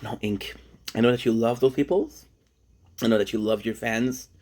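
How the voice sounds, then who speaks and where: A man's voice: medium pitch, steady tone, normal speed, darkish tone. A man from Quebec, Canada, streaming a rambling, joking casual monologue full of tangents. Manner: rambling, tangent-prone, joking, self-deprecating.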